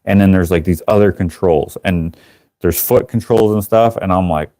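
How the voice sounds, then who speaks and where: A man hosting a live stream, telling a rambling, animated story with casual swearing and laughter, jumping into high voices to act out other people. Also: moderate pace, dry recording, clean studio sound. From Canada. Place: indoors, working on a craft while streaming.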